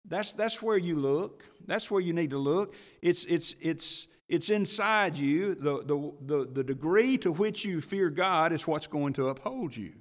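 A man's voice: a little high, expressive, a little slow, fairly bright tone, long reverb tail. A man, preaching a sermon as pastor in a folksy manner, laughing often and stumbling over repeated words.

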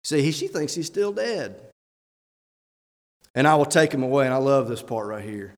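A man's voice: medium pitch, normal speed, long pauses, a little mellow. A man, a church elder, preaching a sermon with emphatic rhetorical questions and reading scripture aloud. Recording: long hall reverb.

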